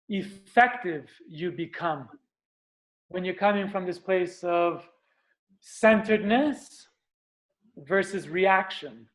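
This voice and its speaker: Earnest man giving a spiritual talk. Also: high-pitched. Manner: earnest, animated, acts out screams and stomps. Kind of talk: motivational talk.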